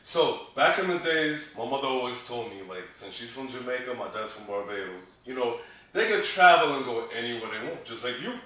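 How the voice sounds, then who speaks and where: A comedian co-hosting a podcast talks in a blunt, opinionated, profane way with a bright edge to his voice. The room is very echoey and he sits well back from the mic. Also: medium pitch, animated, brisk, far from the mic. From Massachusetts. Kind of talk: casual chat.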